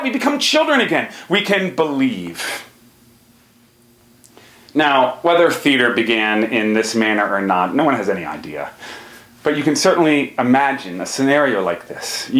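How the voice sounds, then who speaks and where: A man in his thirties giving a recorded theater lecture, telling stories and often checking in with "right?". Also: mid-range voice. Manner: animated, storytelling with lots of "right?". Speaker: college theater instructor. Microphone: recording for a video lecture. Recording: echoey room.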